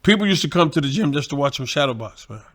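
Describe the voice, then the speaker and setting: A man's voice: a little high, fast talker. A middle-aged man, a boxing trainer, telling stories in a loose, profane way and acting out the other people's voices. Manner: profane, animated, acts out quoted voices. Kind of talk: casual storytelling.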